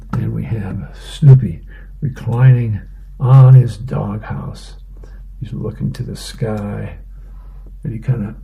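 A man reading the newspaper comics aloud for a radio reading service, casual and relaxed with fillers. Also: lowish voice, gravelly, poor audio. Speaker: volunteer newspaper reader.

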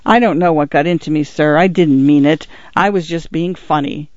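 A man's voice: fairly high pitch, moderate pace, dry recording, natural voice. A man doing an irritable ranch father. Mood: ashamed. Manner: clipped, impatient. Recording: dull lo-fi dry recording.

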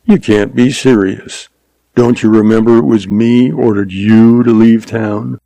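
A man's voice: fairly low pitch, fairly even intonation, creaky, mellow, dry recording. A man voicing a cool, taunting Old West gunfighter who drawls his words with mockery. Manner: slow, drawling, mocking.

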